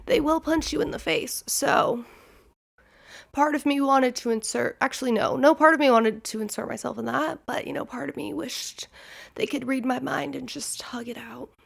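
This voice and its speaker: A woman's voice: sits high, fairly even intonation, moderate pace, gravelly, a bit bright. A woman from Nebraska with a Midwestern accent, hosting a podcast and telling candid, rambling stories in casual chat. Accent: Midwestern American. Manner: rambling, candid storytelling with frequent "like". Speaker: podcast host.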